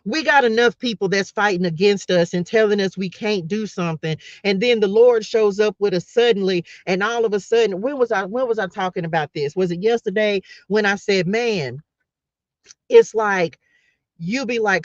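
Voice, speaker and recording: A woman's voice: medium pitch, moderate pace, no echo. A woman hosting a spiritual live stream, talking with passion and repeating her points as she calls out to her listeners. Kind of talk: fervent preacher-like live-stream pep talk. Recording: dull, dry lo-fi sound.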